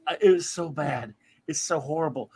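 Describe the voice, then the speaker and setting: Guy hosting a nerd chat show, rants big and loud, does mocking voices, kinda high voice. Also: normal speed, breathy edge. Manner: animated ranting, mocking voices. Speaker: podcast host. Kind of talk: casual chat.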